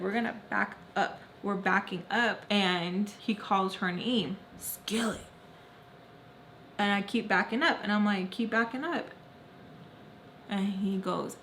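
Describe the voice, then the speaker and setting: Animated young woman telling a story. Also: mid-range voice, vocal fry. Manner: animated storytelling, acts out quoted voices. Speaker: vlogger. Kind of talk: storytime while doing makeup. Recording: faint background noise.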